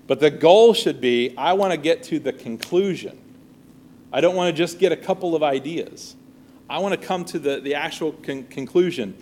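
Male Bible teacher, slightly high voice, conversational class lesson, faint background hiss. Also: moderate pace, a little mellow. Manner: conversational, often checks with "all right?" and "right?".

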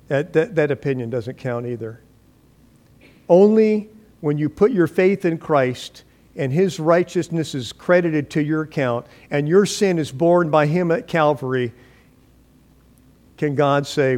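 A male pastor preaching to his congregation in church. His voice sits a little high for a man, and he tells his stories dramatically, putting on voices for the people he quotes. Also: normal speed, a little mellow. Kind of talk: sermon.

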